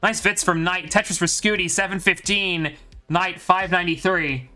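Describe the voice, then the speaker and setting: A man's voice: high voice, steady tone, normal speed, pushed and bright, faint music behind. A man from Ireland with a light Irish accent, commentating a live game stream and joking with his viewers in a chatty, bragging way.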